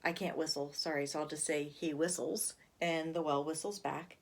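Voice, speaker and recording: With a deep, steady voice at a moderate pace, a woman who reviews books talks informally about a horror graphic novel she loves. She's chatty and uses lots of fillers, mixing her casual commentary with read-aloud passages.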